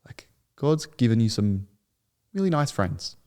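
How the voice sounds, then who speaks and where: A man's voice: medium pitch, sing-song, unhurried, a little mellow, smooth. A young man speaking as a podcast guest, telling his story in an earnest, rambling way with many restarts. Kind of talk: podcast interview.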